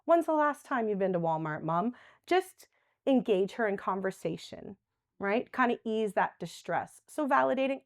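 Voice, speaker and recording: A woman's voice: mid-range voice, animated, normal speed, no echo, studio quality. A woman presenting a live dementia workshop, chatty and conversational, often checking in with "right?". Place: workshop room with a live audience.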